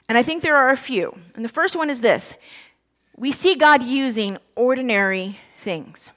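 A woman preacher giving a sermon in a conversational, animated storytelling way with casual asides. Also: a little high.

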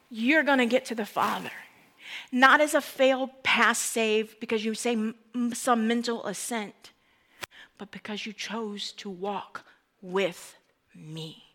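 Emotional woman pastor, bright voice. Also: fairly high pitch. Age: young adult to middle-aged, a parent. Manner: emotional, voice dropping to whispers. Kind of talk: sermon.

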